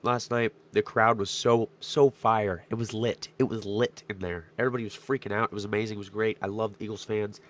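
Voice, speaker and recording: A young man with a stuffed-up nose, his voice strained from yelling, rambling excitedly through a casual sports recap vlog. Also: fairly low pitch, fast talker, hardly any pauses. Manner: rambling, excitable, many fillers. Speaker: sports vlogger.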